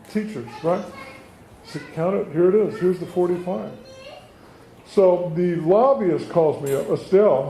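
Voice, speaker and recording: A politician giving a campaign stump speech to residents, telling stories and acting out the quoted dialogue. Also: male voice, high-pitched, warm tone. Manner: storytelling, acts out quoted dialogue. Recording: roomy hall, faint background noise.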